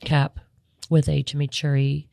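Guest with a creaky, gravelly voice, lively casual storyteller, close dry mic. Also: medium pitch, a little slow, no echo. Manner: lively, rambling anecdote telling. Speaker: podcast guest, competition cook. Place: podcast studio room.

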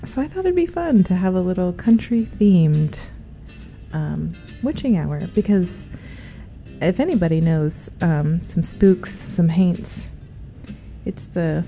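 A woman's voice: fairly low pitch, slow. A woman hosting a late-night radio music show, chatting casually and laughing often. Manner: laughs often, relaxed and friendly. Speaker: radio host.

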